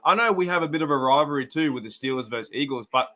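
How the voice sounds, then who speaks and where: A man's voice: on the high side, lively intonation, racing, pushed and bright. A young Australian man hosting a casual fan live stream, chatting rambly with viewers and commenting on a game. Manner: rambling, chatty, laughs often, greets viewers by name.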